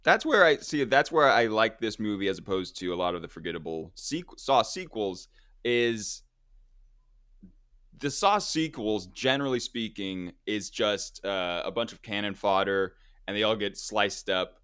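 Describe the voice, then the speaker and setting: A man's voice: fairly low pitch, lively intonation, normal speed, sharp tone, smooth, no echo, clean studio sound. A man hosting a casual movie review chat, rambling and correcting himself with lots of fillers.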